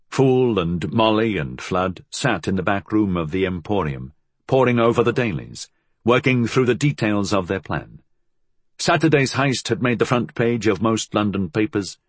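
Husky low voiced guy reading an audiobook, lots of ups and downs, dry sound. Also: expressive, moderate pace, dry recording. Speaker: narrator. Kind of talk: audiobook narration.

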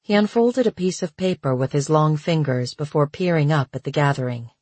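An audiobook narrator reading a novel in a steady, measured way. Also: medium pitch, no room sound. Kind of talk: scripted narration.

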